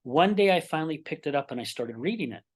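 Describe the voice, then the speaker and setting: A middle-aged man from Utah, a podcast guest, telling personal stories in a lively way and acting out the dialogue. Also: on the high side, fast talker, breathy edge. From Utah, United States. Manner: animated, acts out quoted dialogue in his stories. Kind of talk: personal storytelling in a podcast interview.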